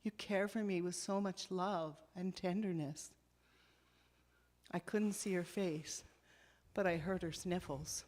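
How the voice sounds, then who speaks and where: A middle-aged woman with a slightly low voice tells her faith story to a congregation. She speaks slowly and from the heart, and her quieter lines sink softly. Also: fairly even intonation. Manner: slow, heartfelt storytelling with soft dips. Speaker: speaker sharing testimony. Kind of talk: spoken testimony to a congregation.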